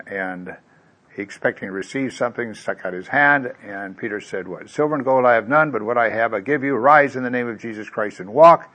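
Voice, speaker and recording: A man delivers a conversational sermon in an easy, mid-range voice. He keeps it folksy and lively, dropping in casual asides and filler words. When he retells what someone said, he acts out their voice. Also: medium pitch. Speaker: pastor.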